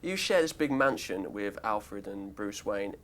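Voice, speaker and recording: A man hosts a breezy TV interview, his pitch rising and falling in a lively way. He needles his guests with cheeky questions. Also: a little slow, a little hiss or hum.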